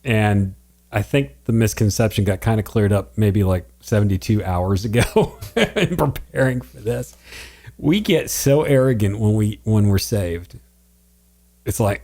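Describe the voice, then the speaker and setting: A man's voice: on the low side, unhurried, warm tone. A man from New England co-hosting a faith podcast, talking in an earnest, preachy way and laughing easily. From Connecticut, New England. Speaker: podcast co-host. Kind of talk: casual faith podcast chat.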